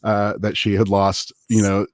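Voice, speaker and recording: Chatty man with a low, dry voice. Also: moderate pace, no room sound. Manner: chatty, many "uh" fillers, excitable. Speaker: podcast co-host. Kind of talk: casual live-stream chat.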